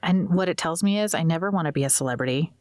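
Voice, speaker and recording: An American woman co-hosting a podcast, relaxed and chatty. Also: sits low, quick pace, no echo, studio quality. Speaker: podcast co-host. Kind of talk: casual chat.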